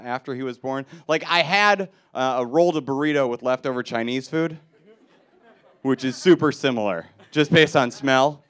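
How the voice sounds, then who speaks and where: A young man from Milwaukee doing a stand-up comedy set on a club stage, deadpan and self-mocking, punching up the jokes. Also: mid-range voice, clear, resonant tone.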